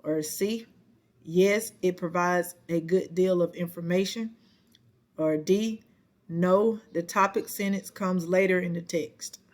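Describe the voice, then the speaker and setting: A person slowly reading a short science passage and quiz questions aloud, stopping now and then to correct themselves. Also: medium pitch. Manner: slow, careful reading with self-corrections. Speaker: reading lesson reader.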